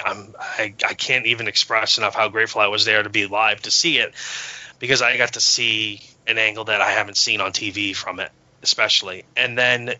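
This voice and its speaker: A man's voice: medium pitch, bright, forceful tone, no room sound. A man in casual podcast chat, telling an enthusiastic story with many fillers and restarts. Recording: dull lo-fi sound.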